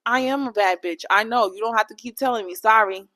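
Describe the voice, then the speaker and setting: A woman's voice: on the high side, brisk, sharp tone. Candid, profane young woman podcasting solo. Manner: candid, profane, playful rambling. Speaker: podcast host. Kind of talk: casual solo podcast chat.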